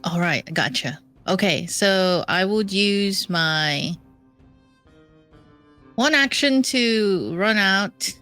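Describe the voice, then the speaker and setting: Slow-talking woman thinking through her move. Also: medium pitch, animated, pushed and bright, clean tone, faint music behind. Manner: thinks aloud, second-guesses her moves. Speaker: player. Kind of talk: tabletop game play.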